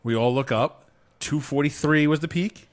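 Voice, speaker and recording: A middle-aged man, co-hosting a casual podcast chat and telling stories in a quick, animated, swearing way. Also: on the high side, slight background noise. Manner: fast, animated storytelling with swearing. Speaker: podcast co-host.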